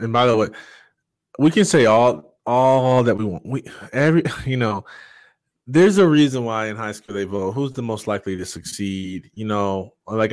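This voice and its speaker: A middle-aged man speaking as a guest, telling a personal story earnestly and candidly, halting often with fillers. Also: fairly low pitch, no echo. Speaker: podcast guest.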